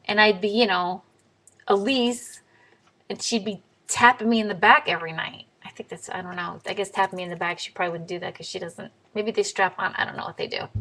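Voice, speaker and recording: A woman tells a story to camera in a casual vlog. She is blunt and swears freely. Her delivery is animated, with a lot of back-and-forth. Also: medium pitch, fairly quick, poor audio. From New York. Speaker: vlogger.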